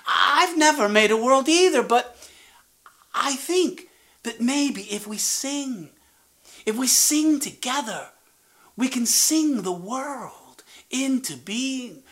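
A woman voicing a lonely, gentle female silver fox who speaks softly and hopefully. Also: a little high, lively intonation, takes it slowly. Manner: soft, hopeful, wondering.

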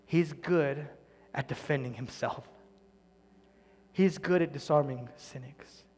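A man preaching a sermon as pastor, earnest, often sinking to a soft near-whisper. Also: a little high, takes it slowly, breathy edge, in a large hall.

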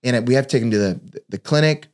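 With a darkish, mid-range voice and a quick pace, a man talks as a father in a personal devotional setting. He tells his stories earnestly, voicing the different people as he quotes them.

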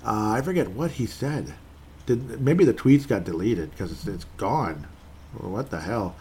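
A man's voice: on the low side, lively intonation, a little slow, dark tone, slight background noise. A man hosting a solo sports podcast, rambling and opinionated, often cutting himself off mid-sentence. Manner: rambling, opinionated, self-interrupting. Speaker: podcast host. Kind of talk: casual solo podcast chat.

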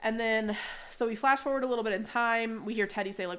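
A woman in the middle pitch range chats through a casual recap. She talks loosely and laughs often, and her speech is full of fillers. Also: a little slow. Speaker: podcast host.

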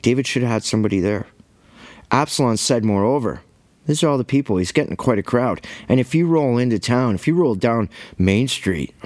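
Man, casual bible teaching, animated storyteller, acts out voices, dry close sound. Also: on the low side, no room sound. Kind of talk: informal bible study sermon.

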